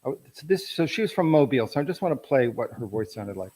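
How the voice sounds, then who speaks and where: A man's voice: medium pitch, big pitch swings, quick pace, warm tone, breathy edge, low-quality recording. A middle-aged man presenting his photographs at an artist talk, telling anecdotes in a rambling way with frequent restarts.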